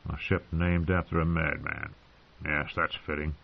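A man voicing a weathered older male smuggler lord who talks low, plain and firm. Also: flat delivery, measured pace, vocal fry, heavily acted. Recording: tinny phone-like sound.

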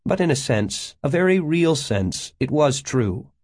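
A man reading an audiobook voices a terse, hurried man on the run, clipped and urgent. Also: mid-range voice, big pitch swings, a little mellow, pitched above the performer's own voice.

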